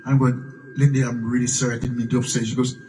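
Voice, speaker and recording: A man's voice: mid-range voice, little pitch movement, rapid-fire, warm tone. Older man telling stories, distant mic. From Jamaica. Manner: repeats and restarts words, breaks into song. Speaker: guest musician at a Q&A. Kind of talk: live storytelling at a public Q&A. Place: museum event room, live audience. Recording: distant mic with faint room noise.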